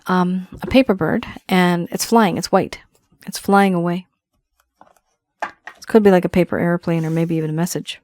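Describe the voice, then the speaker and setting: Woman tarot reader, lowish voice, dry close sound, musing and intuitive, addresses viewers directly. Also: a little mellow, dry recording. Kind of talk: solo tarot card reading to camera.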